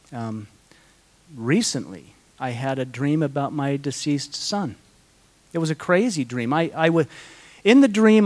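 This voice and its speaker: This middle-aged man, pitched fairly high, responds to conference audience questions with sincere, heartfelt storytelling and many restarts.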